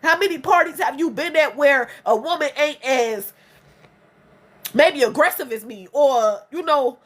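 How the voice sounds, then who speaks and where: A woman's voice: sits high, unhurried, fairly bright tone. A young adult woman venting in a blunt, profane monologue, repeating her points over and over. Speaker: vlogger.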